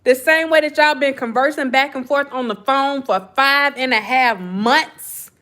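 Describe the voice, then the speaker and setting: Woman, thirties, casual gossip vlog, frequent laughter, slow unhurried delivery. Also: high-pitched. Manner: animated gossipy storytelling, laughs often. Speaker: vlogger. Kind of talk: casual chat.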